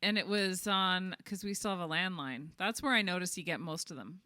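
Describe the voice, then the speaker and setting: A woman co-hosting a casual podcast, curious and quick to ask questions, on a studio mic. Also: lowish voice, bright, forceful tone, no room sound. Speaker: podcast co-host.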